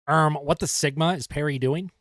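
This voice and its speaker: Bright-voiced excitable male hockey streamer. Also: fairly high pitch, moderate pace, dry recording, clean studio sound. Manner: excitable play-by-play, chatting with viewers between calls. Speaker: livestream host and hockey fan commentator. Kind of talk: live fan play-by-play commentary.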